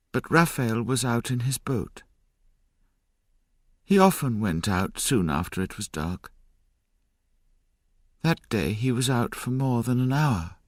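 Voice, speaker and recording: Audiobook: male reader as a dying mother, quiet and somber, slow. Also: medium pitch, no echo, studio quality, voice pushed up. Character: sorrowful dying mother telling a secret. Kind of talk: audiobook character reading.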